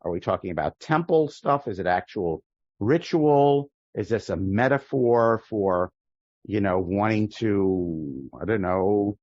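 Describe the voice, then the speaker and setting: A man teaching a prayer-book class as a rabbi, explaining the text line by line in a thoughtful way, often pausing and restarting mid-sentence. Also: fairly low pitch, animated, darkish tone, no echo, highs cut off. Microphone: video call.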